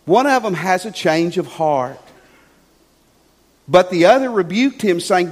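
A male pastor preaching a sermon with animated storytelling, swinging between loud and hushed. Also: on the high side, takes it slowly. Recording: long church hall reverb.

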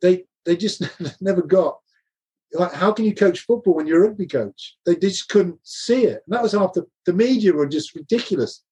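A man's voice: high voice, expressive, normal speed, dark tone, slightly rough. An older man, a former rugby coach, telling anecdotes in a casual interview, laughing often and restarting his sentences.

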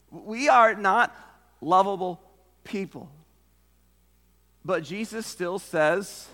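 A man delivers a sermon in an unusually high, bright voice. He speaks slowly, leaning on rhetorical questions and repeated lines for emphasis. His words hang in the long reverb of a church sanctuary. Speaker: pastor.

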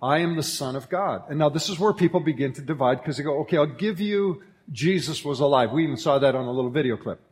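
A man's voice: fairly high pitch, fast talker, few pauses. A man preaching at a church service, bantering with a co-pastor and calling out jokingly to the congregation. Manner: jokey, loud call-outs to the congregation. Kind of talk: sermon with banter. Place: church auditorium. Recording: long hall reverb in a church.

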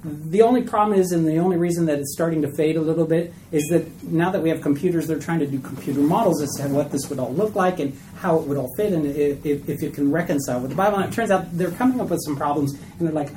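A man's voice: on the high side, quick pace, few pauses, noisy background. A man teaching a casual Bible study class. He keeps checking in with the group by asking "okay?" and "right?".

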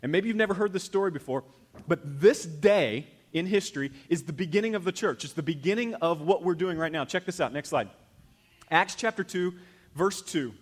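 A man, preaching a sermon to his congregation and swinging between loud emphasis and hushed intensity. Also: fairly high pitch, expressive, normal speed. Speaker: pastor. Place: church.

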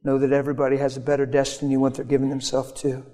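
Earnest preacher with a ringing hall. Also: male voice, completely flat delivery, very fast, warm tone. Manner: conversational, earnest, bursts into high mock voices. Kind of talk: sermon. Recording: long reverb of a church hall.

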